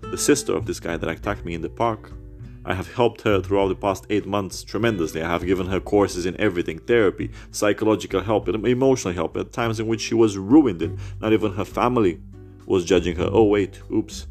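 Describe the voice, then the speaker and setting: Man, deep creaky voice, phone-recorded rant podcast; bitter, rambling, foul-mouthed. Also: a little fast, darkish tone, faint music behind. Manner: bitter, rambling, swears heavily. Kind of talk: personal rant.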